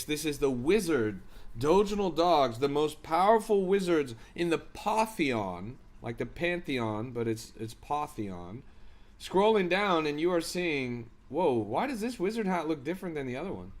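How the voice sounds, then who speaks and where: A man hosting a crypto live stream, giving hyped, slangy commentary and talking straight to his chat. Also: on the high side. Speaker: crypto livestream host.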